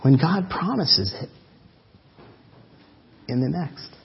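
A man preaching a sermon as pastor, swinging between loud emphatic lines and soft drawn-out words. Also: fairly high pitch, very animated, vocal fry, slight background noise. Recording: dull lo-fi church audio.

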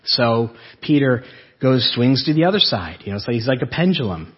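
A male preacher delivers a sermon in a conversational tone, putting questions to his congregation as he goes. His voice has a slightly husky edge and sits in a middle pitch for a man. The recording is dull and lo-fi, with the top end muffled. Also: animated, fairly quick.

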